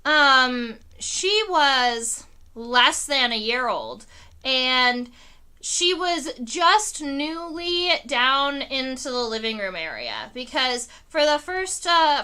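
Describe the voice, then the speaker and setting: A high, bright young woman chats to her livestream viewers from home. She tells stories loosely, with fillers and restarts. Her pitch jumps up when the story gets exciting. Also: clear, resonant tone. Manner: animated, pitch rising on exciting parts. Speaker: entomologist streamer. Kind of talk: casual livestream chat. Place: home living room.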